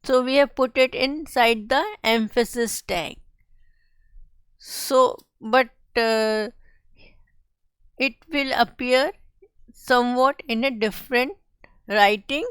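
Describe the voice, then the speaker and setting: A woman teaching a coding tutorial, explaining each step slowly and carefully. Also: a little high, clean tone, no echo. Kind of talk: screen-share coding tutorial.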